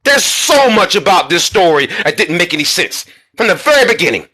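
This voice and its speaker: A man with a high, sharp, tense voice delivers an indignant commentary vlog. His pitch swings widely as he fires off rhetorical questions and repeats key words for emphasis. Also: big pitch swings, fairly quick. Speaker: commentary channel host.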